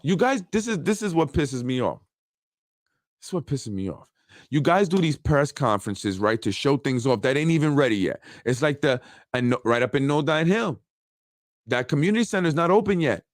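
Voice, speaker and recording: A man giving a casual, blunt monologue on local politics, mocking officials and mimicking them in quick asides. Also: medium pitch, no room sound, studio quality.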